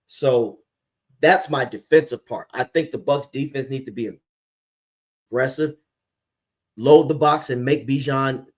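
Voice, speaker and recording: A man's voice: mid-range voice, unhurried, pauses often, a little mellow. A man hosting a live sports fan stream, making emphatic game predictions and calling his co-host by name.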